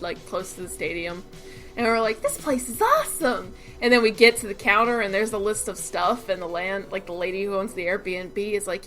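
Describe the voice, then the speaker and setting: A woman in her late twenties co-hosting a casual podcast, animated, laughing often and acting out little quotes. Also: medium pitch. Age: late 20s. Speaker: podcast co-host.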